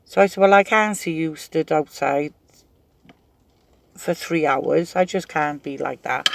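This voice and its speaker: A man's voice: on the high side, measured pace, creaky, background noise. A middle-aged man, casually rambling through stories and laughing as he tells them. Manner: chatty, rambling, laughs while telling stories. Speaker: craft vlogger. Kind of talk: casual storytelling.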